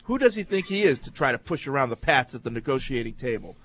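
A man's voice: mid-range voice, big pitch swings, fast talker, fairly bright tone. A man co-hosting a sports talk radio show, reading listener emails in an easygoing way. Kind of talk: casual sports radio chat.

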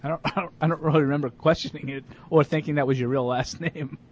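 A man's voice: on the high side, steady tone, quick pace, darkish tone. A man co-hosting a radio talk show, easygoing and chiming in with short remarks. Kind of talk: casual banter.

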